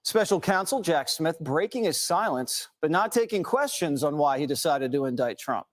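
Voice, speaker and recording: A man reading news narration as anchor, brisk and matter-of-fact. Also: fairly high pitch, animated.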